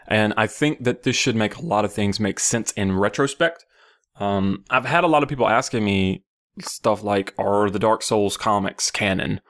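A man with a fairly low voice hosts a casual gaming news podcast. He talks loosely and swears freely. He keeps slipping into giggles between stories. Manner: giggly, laughing often, loose and profane. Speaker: podcast host.

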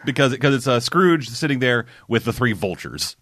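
Wry man with a lively voice. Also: medium pitch, moderate pace. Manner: dry, wry, profane. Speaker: podcast co-host. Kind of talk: casual chat.

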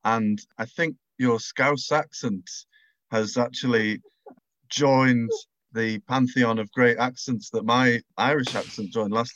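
A man's voice: mid-range voice, a bit bright, dry recording. A man chatting casually and enthusiastically, rambling through his ideas. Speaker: writer and panelist. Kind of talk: casual chat. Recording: dull lo-fi mic.

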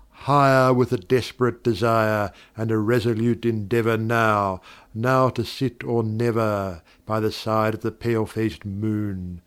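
Slow, theatrical man reciting poetry. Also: medium pitch, clear, resonant tone. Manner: slow, theatrical, swelling on repeated words. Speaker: poetry reader.

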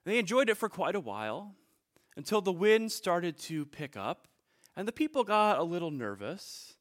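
Lively, animated male pastor preaching. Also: sits high, normal speed. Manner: storytelling, conversational, with asides to the congregation. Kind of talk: sermon.

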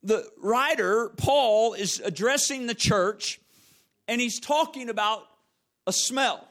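A middle-aged man preaching with a high voice. He tells homey stories and hammers points by repeating them. His delivery moves between loud calls and hushed lines. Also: slow pace. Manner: storytelling, emphatic, repeats phrases. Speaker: pastor. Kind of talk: sermon.

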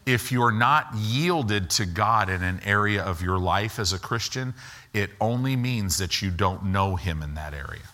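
A man preaching a sermon as pastor, slowing for emphasis and acting out quoted lines with rising and falling pitch. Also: pushed and bright. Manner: slow deliberate emphasis.

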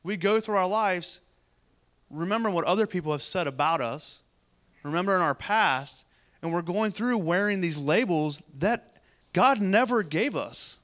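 A man delivering a sermon with a bright, forceful voice that sits a little higher than most. He reads a passage, then drops into relaxed, chatty asides before returning to the text. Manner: conversational, quick asides between read passages. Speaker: preacher. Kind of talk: sermon reading and commenting on scripture.

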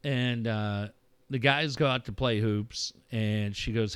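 Middle-aged male podcast host, frank and profane, with a crisp, bright voice in a dry, close room. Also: fairly low pitch, steady tone, slow pace, no room sound. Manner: candid, profane, reflective storytelling. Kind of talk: casual conversation.

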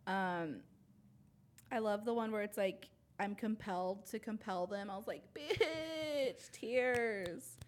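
A woman's voice: mid-range voice, fairly even intonation, a little hiss or hum. Gushing young woman chatting with friends. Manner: gushing, swears freely, quick laughs. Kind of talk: casual chat.

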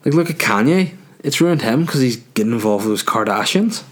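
A man's voice: medium pitch, expressive, fairly quick. A man in his thirties, a stand-up comedian, chatting casually while answering viewer questions, swearing freely and ranting with self-mocking humor. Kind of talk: casual chat.

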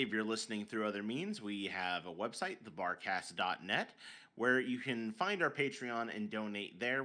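A man co-hosts a casual podcast and rambles through the housekeeping with self-mocking jokes. His voice is a little low but very bright and forceful. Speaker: podcast co-host.

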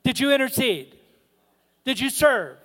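Emphatic high-voiced man preaching in a hall. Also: sing-song, measured pace, fairly bright tone. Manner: humorous, emphatic, calls out to the congregation. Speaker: guest preacher. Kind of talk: sermon. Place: church sanctuary.

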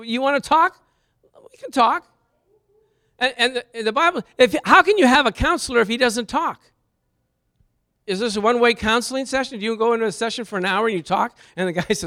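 Male preacher, very high voice, bright and forceful, animated, jokey, quizzes the congregation. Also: normal speed. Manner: bursts into loud praise. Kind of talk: sermon teaching with slides.

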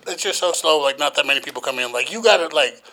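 Male podcast co-host, slightly high voice, profane and animated storyteller. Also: fast. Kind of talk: casual storytelling.

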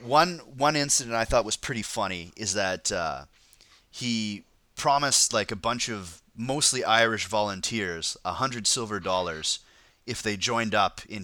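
A man's voice: on the low side, sharp tone, smooth, no room sound. A man hosting a casual podcast, telling a history story in a rambling way, with lots of fillers and laughter. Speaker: podcast host.

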